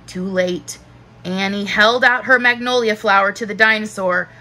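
A woman teacher narrating a children's book aloud in a slow, expressive storytelling manner. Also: medium pitch, low-quality recording.

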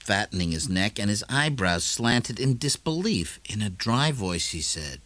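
Man narrating an audiobook, lowish voice, lots of pitch movement. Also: no room sound. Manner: measured, lively storytelling. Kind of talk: scripted narration.

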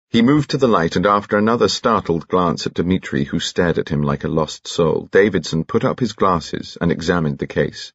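A man reading a mystery novel aloud, measured and expressive, giving the characters their own voices. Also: deep voice, husky, no room sound, muffled recording. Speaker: audiobook narrator. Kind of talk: scripted narration with character voices.

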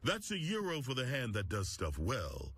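A man voicing an upbeat fast-food commercial announcer with a salesy, repeating pitch. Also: wildly swooping pitch, fairly bright tone, breathy edge, full character voice. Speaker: commercial voice-over.

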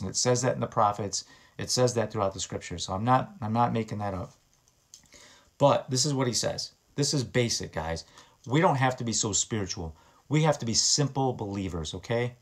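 A man's voice: fairly low pitch, fairly quick. A man giving an informal, earnest sermon, talking conversationally and often restarting and repeating his words. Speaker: preacher.

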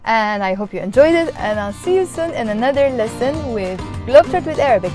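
A Lebanese woman with a Lebanese accent, teaching a casual vlog lesson and breaking phrases down slowly from a car. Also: a little high, animated, over music. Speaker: Arabic language teacher. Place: in a car on a road trip.

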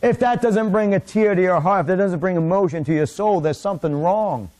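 Male pastor, middle-aged, fervent sermon delivery, slightly high voice, church setting. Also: brisk. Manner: impassioned preaching, rising to near-shouts. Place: church sanctuary.

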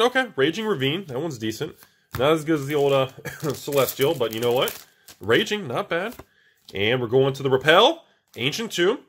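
A man hosting a casual card-unboxing video, talking to viewers as he opens packs, excitable and repeating himself. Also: mid-range voice. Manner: excitable, repeats words, often addresses viewers as everybody. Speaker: channel host opening card packs.

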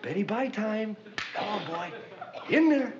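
An actor playing a flustered, good-natured young husband in a 1960s sitcom, coaxing and pleading with comic patience. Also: male voice, high-pitched, expressive, unhurried, a crowd in the background. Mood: exasperated. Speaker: comedy writer husband in a sitcom. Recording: dull 1960s TV soundtrack with roomy echo and laugh track. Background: studio audience laughter.

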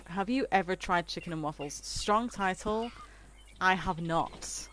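A woman's voice: lowish voice, a little slow, fairly bright tone, a little hiss or hum. Giggly young woman streamer. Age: 20s. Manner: chatty and giggly, reading out and answering chat. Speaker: game streamer. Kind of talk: casual live-stream chat with viewers.

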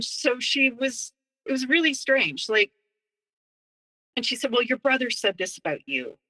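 A woman guest in an interview, telling a personal story in a lively way and acting out what others said. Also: medium pitch, rough recording. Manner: animated, acts out quoted dialogue.

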